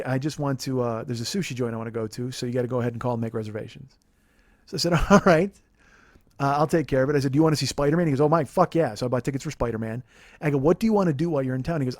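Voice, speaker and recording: A man's voice: medium pitch, a little mellow, no room sound. A man hosting a podcast, telling a rambling comedic story in a loose, profane way. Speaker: podcast host.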